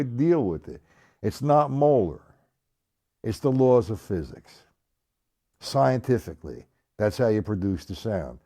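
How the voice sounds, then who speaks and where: A drum teacher runs a live-streamed lesson, speaking bluntly and emphatically and repeating his points while demonstrating strokes. His voice is medium-pitched with a dark tone, and drum hits sound in the background.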